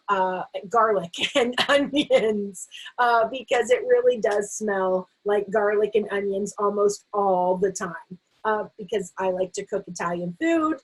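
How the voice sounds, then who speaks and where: A woman teaching a vocabulary lesson to camera, saying the word slowly and sounding out its syllables. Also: fairly high pitch, a bit bright, husky, low-quality recording. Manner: slow, stretched-out word repetition. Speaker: literacy teacher.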